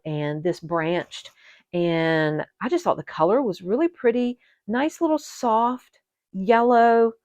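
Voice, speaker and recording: A woman hosting an orchid channel, chatting to her viewers in a gushing, excitable way while unboxing at a table indoors. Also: mid-range voice, no echo. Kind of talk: casual unboxing chat to viewers. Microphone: camera set on the table.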